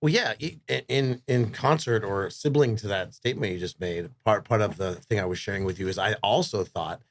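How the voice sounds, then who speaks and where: Man, low voice, rambling, enthusiastic, casual podcast guest. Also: a little fast. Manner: rambling, enthusiastic storyteller, swears freely. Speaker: podcast guest, rock singer. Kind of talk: casual chat.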